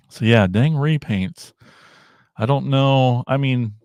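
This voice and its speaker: Man, toy podcast host, casual rambling livestream chat, mid-pitched voice, dry close sound. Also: clear, resonant tone, no echo. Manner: rambling, animated, laughs often.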